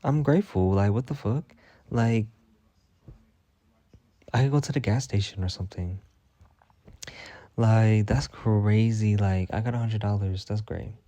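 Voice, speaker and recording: A young man rants through stories straight to camera, cursing freely. He jumps into dramatic retellings with lots of expression. His voice is low and mellow, recorded dry and close. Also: a little slow, long pauses, no echo. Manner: profane, dramatic, animated retelling. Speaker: vlogger. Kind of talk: casual storytelling rant.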